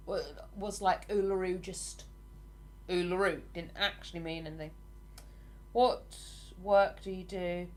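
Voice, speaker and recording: A woman with an English accent hosting a casual live stream, chatting and laughing easily as she greets viewers by name. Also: medium pitch.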